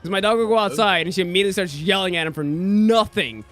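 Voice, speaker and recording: A man's voice: high voice, quick pace, fairly bright tone, soft background music. Ranting young male game streamer. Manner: ranting, profane, mimics people he quotes. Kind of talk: casual rant while streaming.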